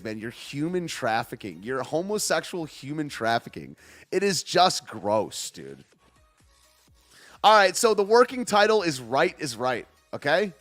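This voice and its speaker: A man's voice: a little high, a bit bright. A man hosting a podcast, talking in a sarcastic, rambling way and laughing at himself. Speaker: podcast host. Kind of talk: casual political podcast rant.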